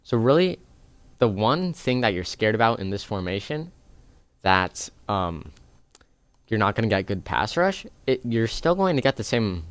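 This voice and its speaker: Young man, gameplay tutorial, chatty, smooth tone, dry sound. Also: lowish voice, big pitch swings, a little slow, no room sound. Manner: explains plays step by step, chatty with fillers. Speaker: gaming video creator.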